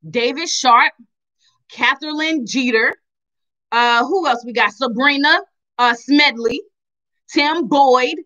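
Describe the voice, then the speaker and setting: A woman's voice: sits high, bright, forceful tone, dull audio. A young woman from Tennessee giving impassioned commentary, emphatic and repeating phrases for stress. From Chattanooga, Tennessee. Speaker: vlogger.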